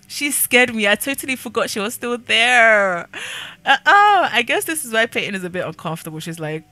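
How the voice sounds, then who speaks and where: A woman's voice: fairly high pitch, sing-song, moderate pace, bright, forceful tone. A young woman giving casual, chatty let's-play commentary as a gaming YouTuber, laughing often as she narrates her characters.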